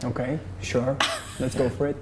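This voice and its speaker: A man, speaking in a relaxed, agreeable way. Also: mid-range voice, moderate pace, roomy sound, loud music behind the voice. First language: Russian.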